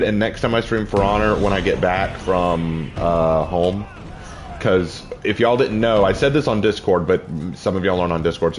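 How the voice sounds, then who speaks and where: A tired man from the Southern United States chatting casually on a gaming stream in a low-key, rambling way. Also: a little hiss or hum. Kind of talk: casual live-stream chat while gaming.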